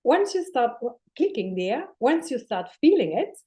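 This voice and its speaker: Mellow-voiced woman giving spiritual talk. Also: a little high, sing-song, moderate pace. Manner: swears casually, laughs, drops into soft near-whispers. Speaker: spiritual teacher and guest.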